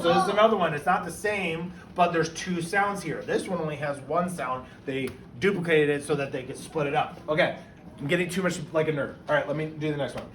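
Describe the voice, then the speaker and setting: A male teacher giving a phonics lesson in an upbeat way, drawing out words so each syllable is clear. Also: a little high, normal speed, fairly bright tone. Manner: upbeat, stretches out and stresses words. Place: classroom. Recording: roomy and distant with faint hiss.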